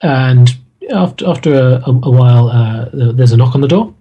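A man running a tabletop game as game master, halting and hesitant as he narrates. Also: medium pitch, breathy edge, dull audio.

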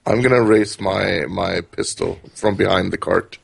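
A man playing a tabletop role-playing game, stating his moves in a deliberate, careful way. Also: low-pitched, steady tone, creaky, breathy edge. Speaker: player.

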